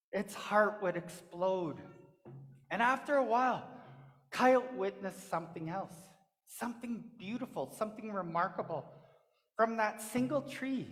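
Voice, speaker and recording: A woman storyteller telling a traditional tale during a church service in a rhythmic, repetitive way, with pauses. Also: mid-range voice. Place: church sanctuary. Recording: long echo of a church hall.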